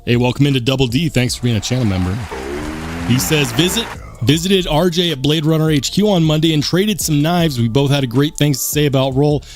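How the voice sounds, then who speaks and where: A man's voice: on the high side, brisk, soft background music. A man hosting a casual live stream, reading the chat aloud and joking about himself in a plain, unaccented voice. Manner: chatty, reads chat aloud, self-mocking.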